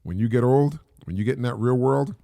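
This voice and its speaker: A man's voice: medium pitch, brisk, gravelly, warm tone, dry recording. A middle-aged man hosting a solo podcast, talking in a rambling, casual way with many fillers and repeats. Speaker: podcast host.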